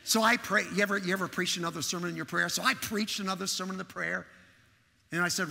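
A man preaching in a large church, his high voice gravelly and bright. He tells a story and acts out its conversations with animation, and a long hall reverb trails each phrase. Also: steady tone, fast talker. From Texas. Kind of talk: storytelling sermon.

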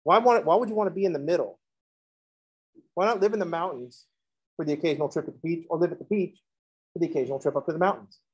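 In a classroom, a man teaches a math lesson, shifting from step-by-step explanations into chatty, joking stories and acted-out dialogues. His slightly high voice is fast and breathy at the edges, with frequent pauses, and the audio quality is poor.

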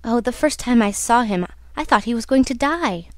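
A woman's voice: on the high side, animated, moderate pace, darkish tone, no room sound. A woman reading the part of a frightened, haunted young woman singer, in a pleading, trembling way.

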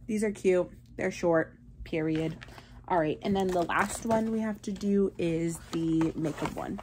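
A woman's voice: on the low side, measured pace, darkish tone, a little hiss or hum. A young woman, chatting playfully to the camera in a casual vlog. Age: young adult. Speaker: vlogger.

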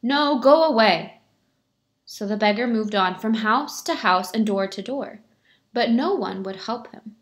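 A woman teacher reading a picture book aloud to her pupils, in a clear storytelling manner. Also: mid-range voice, normal speed, a bit bright.

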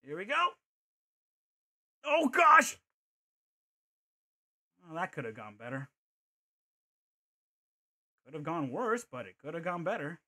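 Lively, playful male game streamer. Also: fairly high pitch, normal speed, pauses often. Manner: playful, thinks aloud, jokey asides. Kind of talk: casual gameplay commentary.

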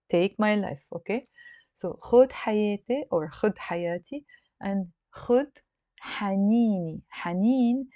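A woman's voice: medium pitch, mellow, dry recording, lo-fi sound. Lebanese woman teaching over a call. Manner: explains patiently, often checks in with "okay?". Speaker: Arabic teacher. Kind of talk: live online language lesson. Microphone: video call.

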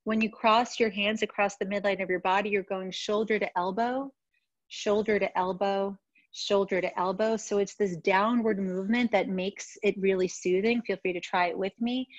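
A woman's voice: medium pitch, dry recording. Frank, casual woman coach from New York. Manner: casual, frank, demonstrates moves while talking. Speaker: stress and trauma coach. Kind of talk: teaching self-soothing techniques. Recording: dry, slightly dull sound.

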